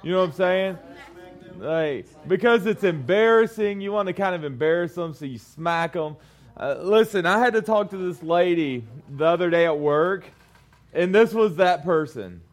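A man's voice: high voice, lively intonation, moderate pace. A young man giving a casual youth sermon to a small group, telling a story in a chatty way with lots of fillers.

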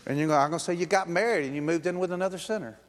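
A man's voice: on the high side, racing. Conversational man preaching in a reverberant hall. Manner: conversational, acts out quoted voices, chuckles. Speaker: pastor. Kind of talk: sermon.

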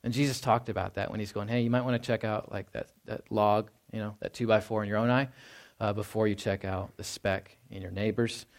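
With a steady tone and brisk pace, a middle-aged Texan pastor gives a conversational sermon. He often asks "right?" and acts out quotes in a soft, low voice.

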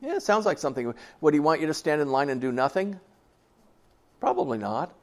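A man's voice: fairly high pitch, expressive, fairly quick. A man in his sixties preaching a sermon to a church congregation in a folksy, conversational way, often asking them questions. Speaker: pastor.

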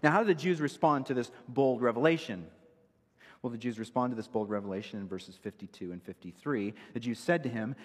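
A man's voice: medium pitch, fairly quick, breathy edge, in a large hall. A male pastor preaching an emphatic, verse-by-verse expository sermon in a church sanctuary.

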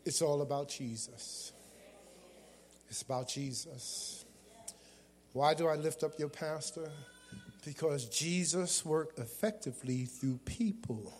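A man preaching a sermon as a guest preacher, calling out to the congregation and shouting at times. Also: fairly high pitch, slow, long pauses. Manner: call-and-response preaching with bursts of shouting. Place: church sanctuary. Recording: long hall reverb.

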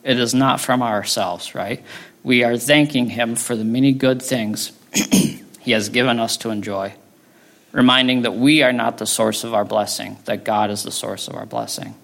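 A pastor giving a conversational sermon, often asking "right?" before closing in prayer. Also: male voice, mid-range voice, gravelly, fairly bright tone. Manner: conversational, tags lines with "right?".

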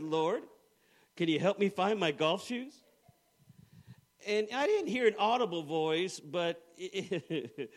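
Middle-aged male preacher, high voice, humorous storytelling sermon with acted-out quotes. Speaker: pastor.

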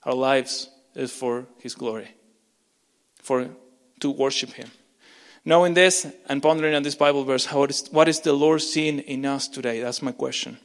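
A man's voice: medium pitch, fairly even intonation, normal speed. Impassioned male preacher in reverberant church. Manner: impassioned, swinging between loud urgency and hushed emphasis; repeats words and restarts mid-phrase. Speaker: pastor. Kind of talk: sermon. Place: church sanctuary. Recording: long reverb of a large church.

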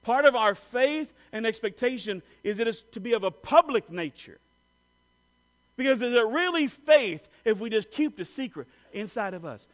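Male preacher, high-pitched, dynamic sermon delivery with big loud-to-hushed swings. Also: animated, moderate pace, poor audio. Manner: asks the listeners direct rhetorical questions.

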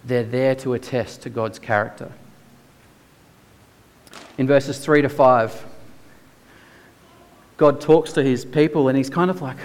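A man's voice: mid-range voice, unhurried, long pauses. A man preaching a sermon in a casual, conversational way. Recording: echoey church hall.

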